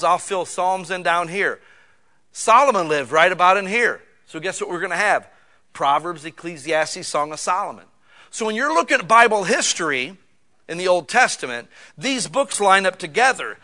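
A middle-aged man preaching a sermon in an animated, folksy way, walking through Bible history and telling a story with sudden shouts. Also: high-pitched. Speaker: pastor.

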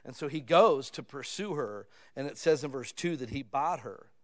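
A man in his fifties delivers a sermon in a loose, conversational way, calling his listeners "guys." His mid-range voice drops to near-whispers for asides and then climbs loud and excited as his stories build. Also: mid-range voice, moderate pace. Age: 50s. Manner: storytelling, swings from hushed to loud and excited. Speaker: pastor.

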